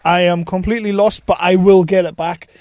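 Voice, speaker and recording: A man's voice: sits high, steady tone, fairly quick, a little mellow, no echo, dull audio. A man co-hosting a casual podcast, reading quiz questions aloud and teasing his co-host with plenty of swearing. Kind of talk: casual chat. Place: small home studio shed.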